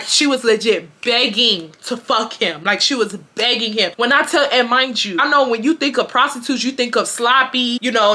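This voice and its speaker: A young woman, telling a storytime to her viewers in an animated, slangy way, full of asides and restarts. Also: a little high. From Houston, Texas. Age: 20s. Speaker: storytime vlogger. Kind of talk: casual storytime.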